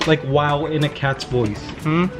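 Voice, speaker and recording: Man, 30s, playful coaxing pet talk, slow easy pace, music behind. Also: on the high side, fairly even intonation, low-quality recording. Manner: playful, coaxing baby talk to his parrot. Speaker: vlogger, parrot owner. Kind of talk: casual vlog talk to camera.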